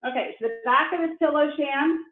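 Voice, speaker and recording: A bright, higher-pitched middle-aged woman walks viewers through a quilting project with cheerful enthusiasm. The sound is thin and phone-like, and it rings around an echoey room. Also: a little fast, soft background music. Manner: enthusiastic, shows pieces up to the camera. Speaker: quilting instructor. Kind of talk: casual craft tutorial.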